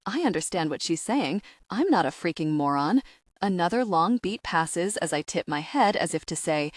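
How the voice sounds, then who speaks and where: A woman's voice: fairly low pitch, big pitch swings, normal speed, no echo, clean studio sound. A woman narrating a first-person romance audiobook with a wry, sassy storytelling manner.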